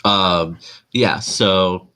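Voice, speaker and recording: A man's voice: low-pitched, extremely slow, bright, forceful tone. A man hosting a casual livestream, talking with a nasal sound in a loose, chatty way full of fillers and restarts. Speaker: livestream host. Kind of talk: casual rambling livestream talk.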